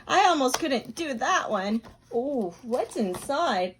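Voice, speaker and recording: A woman hosting a children's video, narrating playfully with gasps and wide-eyed excitement to a young viewer. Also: high-pitched, slow, slight background noise. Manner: gasping, wide-eyed excitement, drops to a soft whisper at times. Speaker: children's educational video host.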